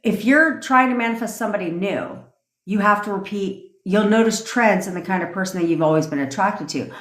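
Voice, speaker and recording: A woman coaching on a livestream in a casual rant, blunt and profane, with quick laughing asides. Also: mid-range voice. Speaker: manifestation coach. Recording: echoey room.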